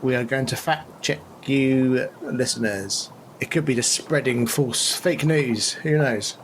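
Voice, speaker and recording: A man co-hosting a podcast in casual chat, with a lively, swooping way of talking. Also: medium pitch, slow pace, a little hiss or hum. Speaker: podcast co-host.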